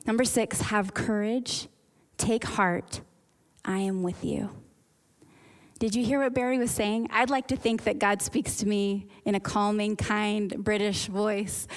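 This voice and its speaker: A woman's voice: medium pitch, a little slow. A woman pastor preaching a sermon in an earnest, encouraging way.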